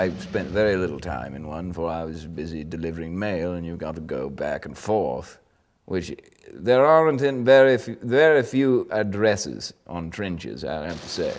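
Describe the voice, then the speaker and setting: A man's voice: low-pitched, lively intonation, a little slow, background noise. A man playing a pompous old British sergeant. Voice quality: pompous, rambling, bluffing. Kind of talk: improvised mock interview.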